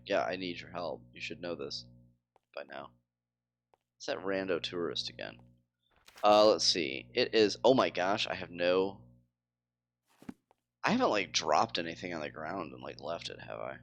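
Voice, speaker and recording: Low-voiced rambling male streamer. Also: big pitch swings, normal speed, creaky, a bit bright. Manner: rambling, filler-heavy. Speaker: game streamer. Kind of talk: casual live-stream chat.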